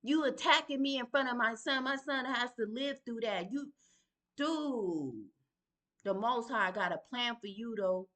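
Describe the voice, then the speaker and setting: A woman's voice: a little high, a little slow. A middle-aged woman, venting in an emotional direct-to-camera vlog, heated and confrontational, calling out absent people in plain vernacular speech. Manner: Southern vernacular, sighs and breathes to calm down. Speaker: mother venting on a video.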